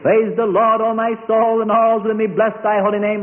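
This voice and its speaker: A man preaching a rousing sermon, swinging from loud high cries to low murmurs. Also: level tone, brisk, hardly any pauses. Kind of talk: fiery sermon. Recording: tinny lo-fi phone-like sound.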